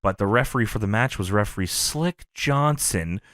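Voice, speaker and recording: A man's voice: fairly low pitch, moderate pace, no room sound, clean studio sound. A man co-hosting a wrestling review podcast in casual chat, recapping scenes with lots of laughter. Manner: animated, recaps scenes and acts out quotes, laughs often. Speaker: podcast co-host. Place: podcast studio.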